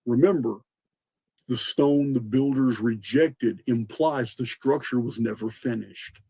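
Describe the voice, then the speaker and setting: This podcast host is a man with a medium-pitched, slightly mellow voice that has a breathy edge, speaking a little slowly. In an earnest lecturing monologue he often restarts words and spells out names, coughing a bit and clearing his throat. There's no room sound.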